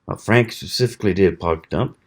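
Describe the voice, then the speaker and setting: A man hosting his own channel, talking casually in a slow, rambling way with many pauses and fillers. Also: low voice, breathy edge. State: hiccuping. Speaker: channel host. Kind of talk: casual knife review vlog.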